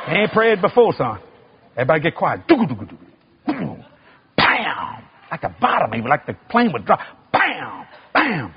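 A preacher man tells his story in a high, lively voice that leaps around in pitch and rises to shouts. His tone is husky. The recording sounds dull and muffled. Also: a little fast, pauses often. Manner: animated, acts out sounds and voices, builds to shouting. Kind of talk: sermon storytelling.

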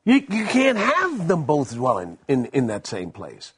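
A man's voice: a little high, wildly swooping pitch, a little slow, a bit bright. A man, a minister co-hosting, sharing testimony in casual preaching conversation with many stammered restarts. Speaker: minister co-host.

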